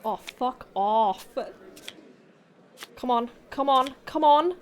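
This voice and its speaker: A woman with a high voice speaks slowly over slight background noise. She's a streamer narrating her own gameplay live, talking to the game, swearing, laughing and thinking out loud between moves, swinging from muttering to yelling.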